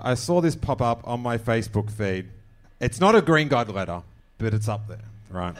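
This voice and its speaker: Lively man hosting a podcast. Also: mid-range voice. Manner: animated, jokey, showman-like introductions. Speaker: podcast host. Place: live venue before an audience.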